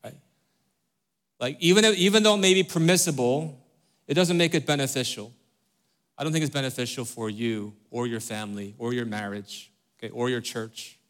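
A middle-aged man with a mid-range voice preaches at a moderate pace. His sermon is conversational and earnest, speaking straight to the congregation and peppered with fillers and "right?" and "okay?".

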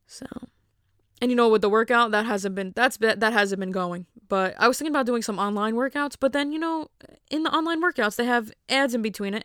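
A chatty woman hosts her podcast alone and rambles in a self-mocking way. Her voice is smooth and clear. The sound is close and dry. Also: mid-range voice, a bit bright, no echo. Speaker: podcast host. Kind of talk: casual solo monologue.

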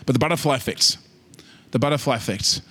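A man with an Australian accent preaching a sermon, animated and humorous, building to emphatic peaks. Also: mid-range voice, quick pace, breathy edge. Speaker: pastor. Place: church service.

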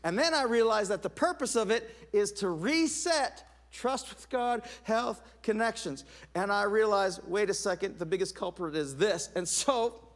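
High-voiced animated male pastor. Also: normal speed, few pauses. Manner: animated storytelling with asides and laughs. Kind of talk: sermon.

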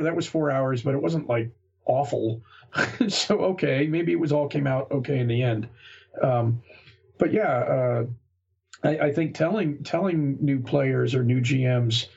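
A man's voice: medium pitch, creaky, darkish tone, breathy edge. A man who is a guest game master, chatting casually on a podcast and telling rambling anecdotes. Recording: dull lo-fi remote audio.

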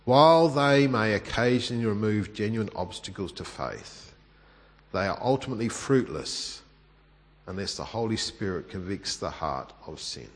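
Animated preacher man in a reverberant hall. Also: lowish voice, moderate pace. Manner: animated storytelling, swinging from emphatic to hushed. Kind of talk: sermon with personal story and prayer.

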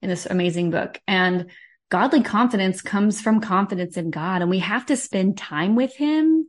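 A woman's voice: medium pitch, animated, normal speed. A woman who runs her own business, a podcast guest talking in an earnest, heartfelt way. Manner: earnest and heartfelt, talks about faith. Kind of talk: casual podcast conversation.

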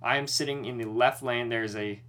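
A man's voice: mid-range voice, steady tone, fairly quick, a bit bright. A young man co-hosting a podcast, retelling a story in casual chat with lots of swearing and worked-up energy.

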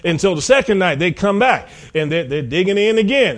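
A man's voice: sits high, big pitch swings, fairly quick. A middle-aged American man, a pastor, preaching a sermon in a folksy storytelling way, acting out quoted conversations. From United States.

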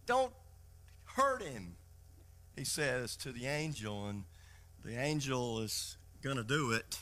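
A man's voice: medium pitch, a little slow, a bit bright. A male pastor preaching a sermon, telling a story emphatically with frequent restarts.

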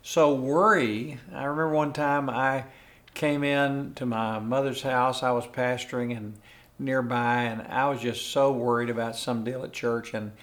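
An older man with a mid-pitched voice teaches on a faith podcast. He talks in a plain, earnest way, often chuckling and restarting phrases as he goes. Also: fairly bright tone. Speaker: podcast host and pastor. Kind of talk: conversational devotional teaching.

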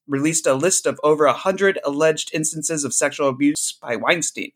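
A man with a slightly raised voice hosts a film podcast. He reads prepared facts in an earnest, measured way, then eases into casual talk about movies. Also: a little high, fairly bright tone. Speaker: podcast host. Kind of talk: podcast commentary, reading facts.

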